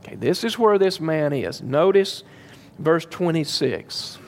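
A man preaches to his congregation with a somewhat high-pitched voice. He leans hard on his points and repeats them for weight. His voice echoes with the long reverb of a large church hall. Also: big pitch swings, a little slow, a little hiss or hum. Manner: emphatic, repeats key phrases, addresses the congregation directly. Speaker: pastor. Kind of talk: sermon.

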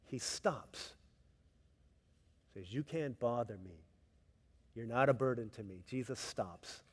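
A man's voice: medium pitch, slow pace, husky. Preacher man in an echoing hall. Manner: storytelling, swings from hushed to loud and emphatic. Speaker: pastor. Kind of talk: sermon.

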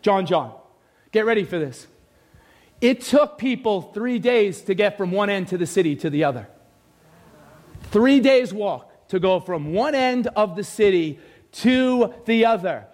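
A man delivers a sermon with a very high-pitched voice. He preaches with big swings between shouting and quiet asides. He keeps turning to the room with direct questions. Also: measured pace. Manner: animated preaching, often shouting, sudden swings from loud to hushed; speaks to the congregation with direct questions. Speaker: pastor.

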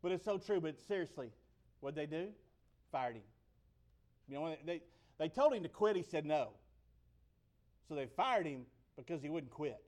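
Loud, emphatic peaks alternate with low, slow passages as a man preaches a sermon in a conversational style.

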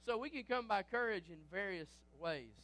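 A man preaching a sermon as pastor, lively, with frequent restarts and asides to the congregation. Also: sits high, normal speed.

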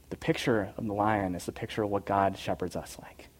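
A man reading a storybook passage aloud and then drawing a devotional lesson from it, soft-spoken and earnest. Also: fairly low pitch, steady tone, brisk, hardly any pauses, husky.

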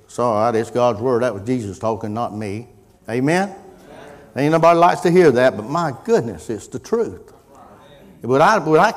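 A middle-aged man preaching a sermon, folksy in tone, moving from quiet musing to loud impassioned preaching. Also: medium pitch, big-room sound. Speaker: pastor.

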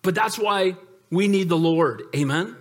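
High-voiced man preaching with emphasis. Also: a little slow. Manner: emphatic, calls out for amens; conversational, jokes with the congregation. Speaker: pastor. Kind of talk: sermon.

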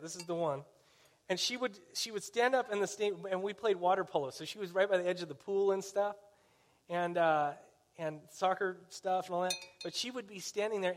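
Telling stories conversationally, a high-voiced male pastor delivers his sermon and regularly poses questions to the audience.

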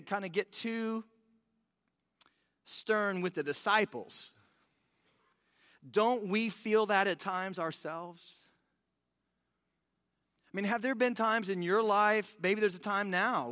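Brief: high, bright-voiced male pastor, lively sermon delivery, long hall reverb. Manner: animated, acts out the disciples' panicked voices.

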